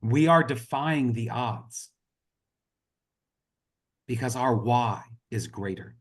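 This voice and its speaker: A man's voice: medium pitch, lively intonation, slow. A man leading a network marketing team, giving an earnest, impassioned motivational talk on a group video call. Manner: earnest, impassioned, repeats "y'all".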